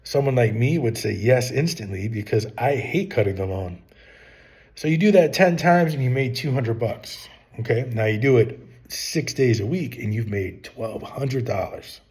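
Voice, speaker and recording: A man's voice: mid-range voice, a little mellow. A middle-aged man talking casually to camera, rambling and full of rhetorical questions. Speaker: channel host giving business advice. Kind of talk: casual advice monologue.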